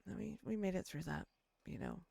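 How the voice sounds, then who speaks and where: A woman's voice: lowish voice, a little fast, vocal fry, dark tone, no room sound. A woman chatting in character during a roleplay game, telling a long story that rambles and is full of swearing. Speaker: roleplayer voicing her character.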